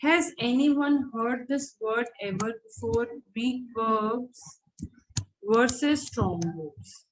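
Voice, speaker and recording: A middle-aged woman with an Indian English accent teaches an online grammar class. She speaks in a slightly high voice, praising answers and now and then slipping into Hindi. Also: slow, slight background noise, low-quality recording. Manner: encouraging, mixes in Hindi phrases.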